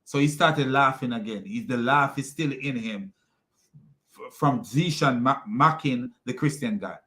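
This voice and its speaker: A man's voice: medium pitch, unhurried, a bit bright. A man with a foreign accent giving scornful reaction commentary on videos, laughing often as he mocks. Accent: non-native English.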